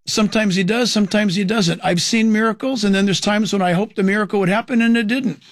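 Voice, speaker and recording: A man's voice: high voice, steady tone, fast talker, dry recording, studio quality. A man critiquing preachers' teachings in an emphatic way, asking his own questions and answering them. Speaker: Christian commentator.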